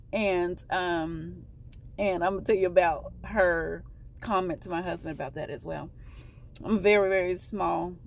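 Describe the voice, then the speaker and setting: Woman vlogger, low gravelly voice, casual rambling storytelling to camera. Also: darkish tone. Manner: rambling, halting, stops to correct herself.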